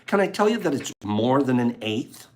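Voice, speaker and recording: A man's voice: mid-range voice, big pitch swings, normal speed, a little mellow. A man hosting a casual livestream, chatting playfully and teasing his viewers. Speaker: livestream host.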